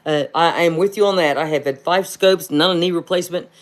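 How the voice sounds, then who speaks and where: A lowish-voiced woman from southern Ohio hosts a casual livestream, answering viewer comments. She's blunt, fills pauses with "uh," and calls everyone "honey."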